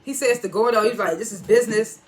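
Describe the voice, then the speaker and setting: A fast-talking TV reviewer with a medium pitch recaps an episode casually in AAVE. He tells it like a story, going line by line, quoting characters with "he was like," and laughing and reacting as the twists come up.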